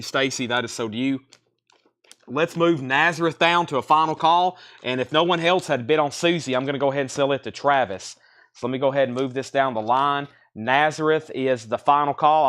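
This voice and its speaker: A man hosting a live record sale, rattling off titles and prices in brisk auctioneer patter, a bit out of breath. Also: medium pitch, fairly bright tone.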